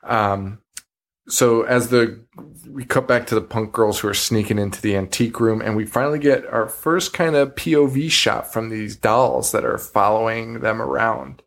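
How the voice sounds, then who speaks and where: A man's voice: on the low side, moderate pace, a bit bright. A man co-hosting a horror podcast, recapping a movie in casual chat, swearing freely, laughing often and acting out the characters' lines. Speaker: podcast co-host.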